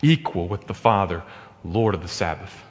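A man preaching a sermon as pastor, swinging between loud emphatic stresses and hushed, quiet asides. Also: low-pitched, lively intonation, normal speed, in a large hall.

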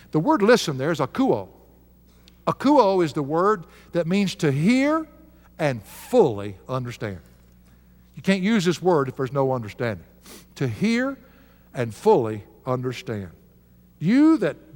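Older man, preacher, high animated delivery, earnest sermon in a reverberant church hall. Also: unhurried. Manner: earnest, heartfelt, rhetorical questions to the congregation.

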